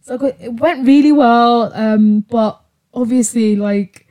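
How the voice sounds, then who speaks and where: Young woman host rambling thru a story, laughing, kinda high voice. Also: a little slow, dark tone. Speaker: podcast host. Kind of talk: casual chat, storytelling.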